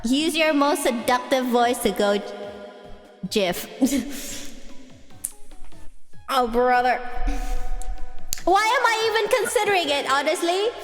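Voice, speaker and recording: A woman's voice: high-pitched, lively intonation, unhurried, long pauses. A woman livestreamer chatting in a giggly, playful, teasing way, her voice run through an added reverb effect. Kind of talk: casual stream chat. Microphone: close streaming mic. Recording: heavy reverb, long echo tail. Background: faint background music.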